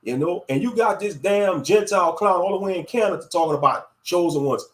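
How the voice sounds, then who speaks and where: A man's voice: sits high, a little fast. A man delivering a blunt, heated commentary rant as a YouTube commentator. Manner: blunt, heated, repeats catchphrases. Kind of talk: ranting commentary.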